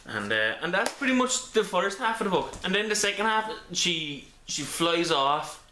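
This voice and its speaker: A man talks through a comic book review in a casual, rambling way, stopping often to restart his sentences. His voice is bright and forward. It is picked up on a camera mic in an echoey room at home. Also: sits high, big pitch swings, moderate pace, a little hiss or hum. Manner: rambling with many ums and restarts.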